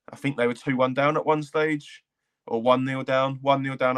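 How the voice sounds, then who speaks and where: A man's voice: medium pitch, a bit bright. A man co-hosting a football podcast who rambles, repeats words and corrects himself as he talks. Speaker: podcast co-host. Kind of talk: casual football podcast chat.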